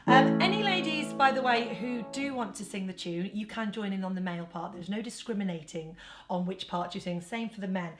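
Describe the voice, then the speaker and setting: A woman's voice: mid-range voice, expressive, a little fast. A woman with an English accent leading an online choir lesson, explaining each part in a chatty, teaching way. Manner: chatty teaching, breaks into singing phrases. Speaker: choir leader. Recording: roomy sound over backing music.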